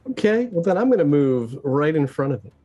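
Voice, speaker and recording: A man's voice: fairly high pitch, big pitch swings, fairly quick, dark tone, breathy edge, dull audio. A man playing a tabletop game, wry and chuckling as he explains his moves. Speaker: player.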